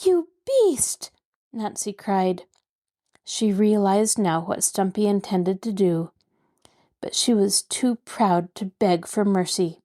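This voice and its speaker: A woman's voice: mid-range voice, slow. A woman hosting and reading a mystery novel aloud as audiobook narration. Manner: steady dramatic reading. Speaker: host and reader.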